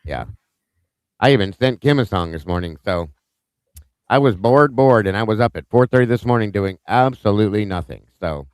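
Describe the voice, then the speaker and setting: A man's voice: fairly low pitch, expressive, moderate pace, clean tone, no echo. A man hosting a live true-crime stream, chatting casually and upbeat as he greets viewers by name, with small stumbles, on a close mic.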